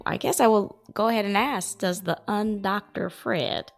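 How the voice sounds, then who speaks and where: A woman's voice: mid-range voice, normal speed, vocal fry, soft background music. A woman hosting a podcast interview, upbeat and affirming, closing the episode with a prepared outro. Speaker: podcast host.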